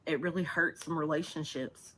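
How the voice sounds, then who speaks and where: A woman in a played vlog clip, talking haltingly and anxiously about her feelings. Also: deep voice, steady tone, fairly bright tone, breathy edge. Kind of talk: personal confessional vlog.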